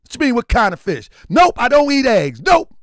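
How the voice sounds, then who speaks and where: A man's voice: very high voice, a little fast, dry recording, clean studio sound. A man hosting a livestream, talking casually and preaching at times, often raising his voice. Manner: animated, preachy, shouting at times. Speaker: livestream host.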